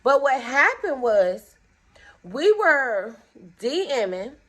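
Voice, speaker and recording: A woman's voice: high-pitched, very slow. A young woman telling a story time to her viewers in a casual, indignant way, acting out both sides of each exchange. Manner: animated, acts out both sides of conversations; indignant, exasperated.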